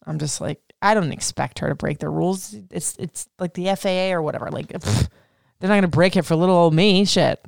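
Gravelly-voiced woman telling a rambling story. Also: fairly low pitch, fairly quick, dry recording, studio quality. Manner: rambling, profane, heavy use of "like". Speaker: podcast host. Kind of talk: casual personal storytelling.

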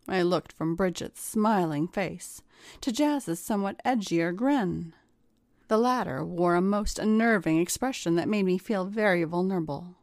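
Woman reading a story out loud, steady confessional tone, close mic, dry. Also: mid-range voice, no room sound. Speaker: story reader. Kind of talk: scripted first-person narration.

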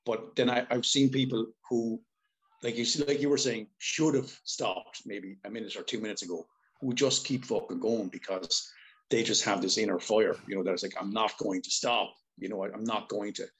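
An Irish man chatting as a podcast guest, swearing freely and telling animated stories. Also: lowish voice, moderate pace, rough recording. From Ireland. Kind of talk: casual podcast chat.

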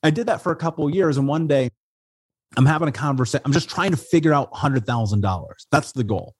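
A man from Indiana, an interview guest, telling his life story in a casual, animated way, swearing and calling people "dude" and "man". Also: fairly high pitch, fast talker, breathy edge, no room sound. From Indiana, USA.

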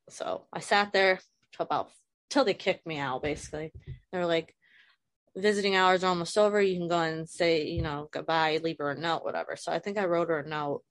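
A woman's voice: low voice, dry recording. A woman in her thirties, a guest speaking frankly and emotionally about loss, swearing casually, on a video call. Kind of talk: candid personal conversation.

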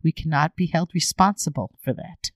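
A woman with a somewhat low voice co-hosting a podcast. She chats casually and teases her partner with dry remarks. The sound is dry and close. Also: moderate pace, dry recording. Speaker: podcast co-host. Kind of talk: casual chat.

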